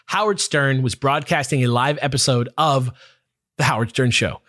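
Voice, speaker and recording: Animated man telling a story on a podcast. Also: medium pitch, normal speed, no room sound, clean studio sound. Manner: animated, acts out quotes. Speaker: podcast host.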